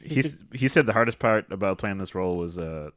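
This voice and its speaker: A man in casual movie chat who cracks wry, quick jokes and laughs often. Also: on the low side, expressive, no echo.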